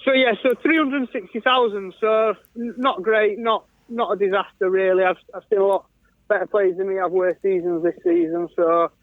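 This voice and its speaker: A man's voice: high-pitched, steady tone, moderate pace, dry recording. A man with a Northern English accent, chatting as a podcast guest, laughing easily and often restarting his sentences. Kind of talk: casual chat. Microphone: phone or call line. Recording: tinny phone-line call.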